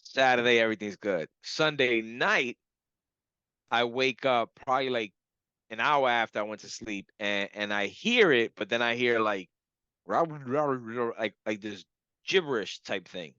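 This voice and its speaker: A young man recounts a strange personal experience in a relaxed, animated way, laughing and acting out what others said. His voice is bright and forceful. The recording is dry and a bit dull, with a lo-fi feel. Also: medium pitch, moderate pace, clear, resonant tone, no room sound. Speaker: hypnotherapy client. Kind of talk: casual storytelling testimonial.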